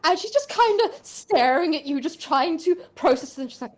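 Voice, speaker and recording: A woman's voice: high-pitched, lively intonation, fairly quick, few pauses. A woman narrating a tabletop game as game master, chatty and full of fillers.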